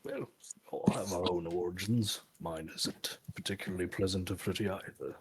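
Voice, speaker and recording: A man's voice: low-pitched, normal speed, crowd noise. A man playing a short wry ogre.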